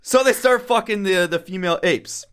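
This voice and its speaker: A man riffing on a movie plot with a bright, forceful voice that sits a bit high. He rambles crudely and keeps dropping into silly character voices. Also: normal speed, clean tone. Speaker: podcast co-host.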